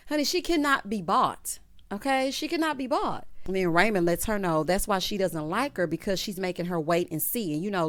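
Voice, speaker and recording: A woman's voice: lowish voice, dry recording. Sassy black woman recapping a show, voice jumping all over, dead dry sound. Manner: animated and sassy, acts out characters' lines. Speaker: recap vlogger. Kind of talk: casual TV recap chat.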